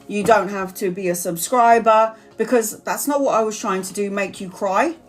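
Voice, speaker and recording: A woman giving tarot readings on a live stream, talking earnestly and apologizing often, repeating herself as she reassures viewers. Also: medium pitch. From Brazil. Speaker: tarot reader.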